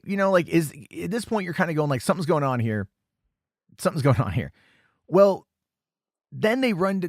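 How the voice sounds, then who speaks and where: A man's voice: medium pitch, dry recording, studio quality. A man hosting a film commentary podcast, recapping the plot in a loose, rambling way with many fillers and self-corrections. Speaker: podcast host reviewing a film.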